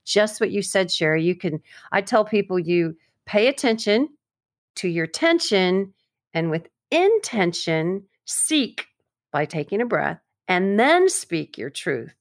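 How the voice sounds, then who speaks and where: Animated woman co-hosting an advice chat. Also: takes it slowly. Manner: animated, acts out quoted speech in a higher voice.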